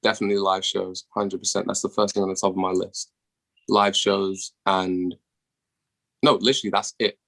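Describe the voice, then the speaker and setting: A young British man chatting loosely as a podcast guest, with a lowish voice and an easy, unhurried delivery. He swears freely and laughs often. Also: level tone, vocal fry, a bit bright. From England. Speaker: musician guest. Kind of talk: casual podcast chat.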